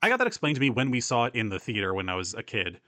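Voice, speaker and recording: A man's voice: medium pitch, big pitch swings, very fast, bright, forceful tone, dry recording. A young man from the US Southeast, co-hosting a podcast in casual chat, rambling and laughing often. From US East Coast and Southeast. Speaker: podcast co-host.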